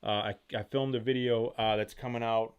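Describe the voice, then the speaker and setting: A man hosting a casual live stream from home, rattling through viewer questions at a rapid clip and reacting to each one. His voice sits at a middle pitch with a plain, everyday tone. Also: clean tone, dull audio. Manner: rapid, rambling, jumps between thoughts; reads chat comments aloud and reacts excitedly. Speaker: host of outdoor gear channel.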